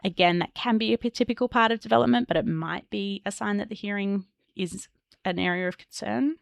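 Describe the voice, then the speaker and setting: A woman hosting an educational podcast, explaining patiently and slowly modeling speech sounds as examples. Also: mid-range voice, creaky, no echo, studio quality.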